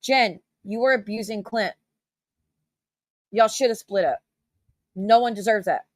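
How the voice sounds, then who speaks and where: A woman's voice: medium pitch, no echo. Heated, defensive woman ranting to camera. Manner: defensive and confrontational, swearing, rapid rhetorical questions. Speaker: YouTube commentator. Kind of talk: heated reaction rant.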